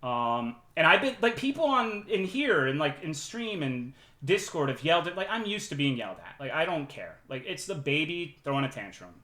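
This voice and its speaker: A man streaming live, telling a work story in a profane, animated and sarcastic way. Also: a little high, moderate pace, few pauses, roomy sound. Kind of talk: casual livestream storytelling.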